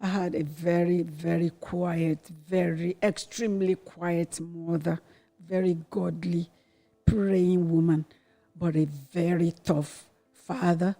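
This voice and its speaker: A woman's voice: on the low side, level tone, takes it slowly, dark tone. A middle-aged woman from Nigeria telling her family's story to her daughter in an earnest way, acting out what was said back then. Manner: earnest, quotes her own past words with rising intensity. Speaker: interview guest, the host's mother. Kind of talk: candid personal storytelling.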